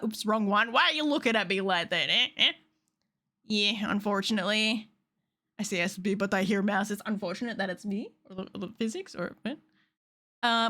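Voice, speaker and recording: A woman's voice: a little high, pushed and bright. A woman streaming a game, chatting casually in a rambling, giggly way and swearing freely. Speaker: VTuber streamer and model rigger. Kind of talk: casual live-stream chat while gaming.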